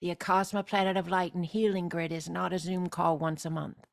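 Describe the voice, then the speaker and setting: A woman's voice: lowish voice, flat delivery, fairly quick, gravelly. A woman hosting a spiritual gathering over a video call, stretching out her vowels and breaking in often with emphatic cries of yes. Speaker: spiritual teacher hosting a group meeting. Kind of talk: slow meditative spiritual talk.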